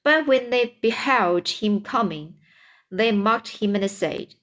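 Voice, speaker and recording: A woman narrating a fairy tale slowly and carefully for English learners, with a measured storybook reading. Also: medium pitch, animated, a bit bright.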